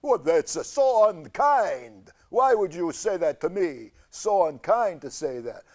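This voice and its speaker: A man's voice: high voice, sing-song, measured pace, a little mellow, voice pushed up. A man voicing a talking cancer tumor in a comic skit, using an old horror-film vampire drawl and sounding easily offended and pleading. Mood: hurt. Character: talking male cancer tumor, whiny and wheedling.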